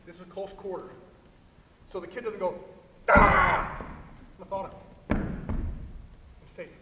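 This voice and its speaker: Emphatic high-voiced football coach, echoey hall. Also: male voice, steady tone, moderate pace. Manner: emphatic, repetitive, frequent "okay?". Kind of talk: coaching clinic demonstration. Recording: echoey hall, far from mic, noisy.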